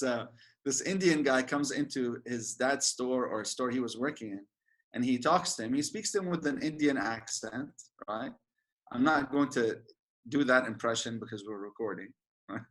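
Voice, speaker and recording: A sheikh giving an informal religious lecture, chatty and joking, with many fillers and restarts. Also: male voice, medium pitch, normal speed. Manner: laughs at his own jokes.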